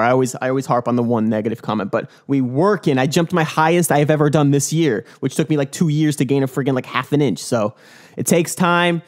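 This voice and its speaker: A man's voice: fairly high pitch, darkish tone. A young man hosting his own dunk podcast, talking casually in a hyped, joking, swearing bro manner. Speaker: dunk vlogger and podcast host. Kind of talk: casual rambling podcast monologue.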